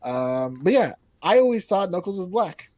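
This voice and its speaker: A man co-hosting a casual podcast who rambles from one thought to the next, swearing freely and laughing at his own asides. His voice sits a little high and swings widely in pitch. The sound is dry and close to the mic. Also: big pitch swings, moderate pace, a little mellow, dry recording. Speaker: podcast co-host. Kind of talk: casual chat.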